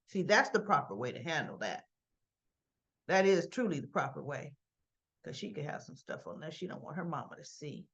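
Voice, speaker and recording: A woman's voice: low voice, animated, moderate pace, a bit bright. A woman at home, recapping soap opera episodes in a chatty, wandering way that often checks in with "right?". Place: at home with her dog. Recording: slightly dull lo-fi sound.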